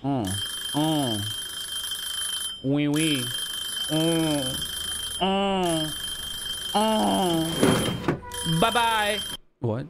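A young man commentating his own gameplay live, joking, swearing and breaking into high panicked yelps. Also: very slow, pauses often, heavy background noise. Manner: frantic, swings from mock-calm to high panicked yelps, swears a lot. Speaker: streamer.

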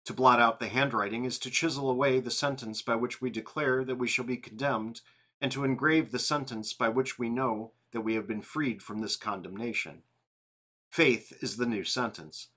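A tired man reading a church confession aloud in an evening devotional, steady and plain. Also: mid-range voice, normal speed. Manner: reads steadily, apologizes and laughs at slips. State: yawning, tired.

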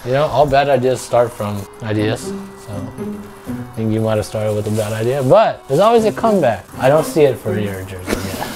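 A man's voice: lowish voice, expressive, moderate pace. A young man trading dry, sarcastic jabs with friends during a craft contest. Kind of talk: casual banter. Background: music.

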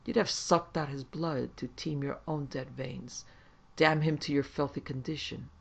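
A man voicing the gruff, roaring ghost of an old male headmaster who mocks his victims with murderous glee. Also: mid-range voice, steady tone, a little slow, a bit bright, muffled recording, exaggerated voice. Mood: mocking. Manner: mocking, triumphant.

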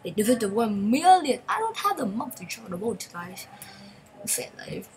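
A woman hosting a gaming channel, giving chatty, excitable gameplay commentary in broken English and repeating phrases. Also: a little high, moderate pace, a little hiss or hum, poor audio.

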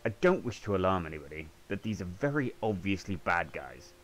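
A man's voice: low voice, very animated, unhurried, a little hiss or hum. A man swearing and joking his way through a video game. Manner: sweary, jokey running commentary. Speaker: gamer. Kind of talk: let's play commentary.

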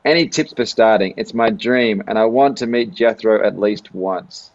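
A man's voice: fairly low pitch, normal speed, vocal fry, no room sound, lo-fi sound. A man with an Australian accent hosting a live stream chat and reading out viewer comments. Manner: relaxed, reads out fan messages. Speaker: host.

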